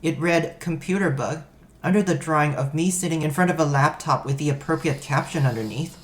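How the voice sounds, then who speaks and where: Low-voiced woman narrating. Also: fairly quick. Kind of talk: first-person story narration.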